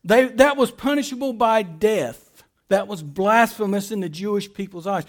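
A man preaching a sermon, emphatic, leaning hard on key words and then dropping to quiet, drawn-out phrases, and speaking straight to his listeners. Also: high voice. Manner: emphatic, swings between loud stresses and quiet drawn-out phrases; addresses listeners directly and by name.

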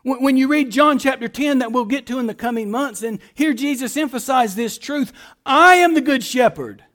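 A man with a strikingly high voice delivers a sermon as a pastor. He reads scripture passages aloud and explains them emphatically, posing rhetorical questions. His phrases often sink to a hushed close. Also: a little fast.

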